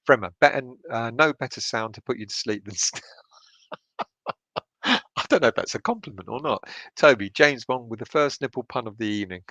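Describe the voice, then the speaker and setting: A man's voice: mid-range voice, lively intonation, normal speed, pushed and bright, no room sound. A middle-aged man hosts a late-night chat, keeping his voice down and swearing freely as he reads viewer comments. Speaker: fan channel host reading live chat. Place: home at night.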